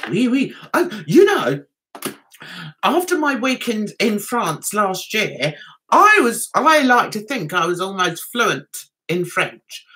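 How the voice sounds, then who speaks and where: A woman's voice: mid-range voice, very animated, slow, bright, forceful tone. A middle-aged woman hosting a casual livestream chat, chatty and giggling often. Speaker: livestream host.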